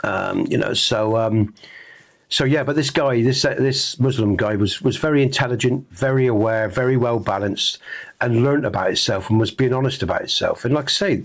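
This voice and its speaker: With a mid-range voice at a moderate pace, this middle-aged game streamer chats reflectively and in earnest. He wanders from thought to thought, using plenty of fillers and starting sentences over.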